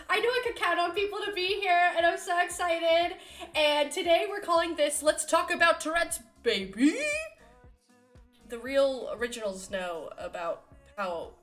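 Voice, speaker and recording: A woman's voice: sits high, bright, forceful tone. A woman streaming live, chatting casually in a bubbly, giggly, easily distracted way. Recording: roomy echo with faint music.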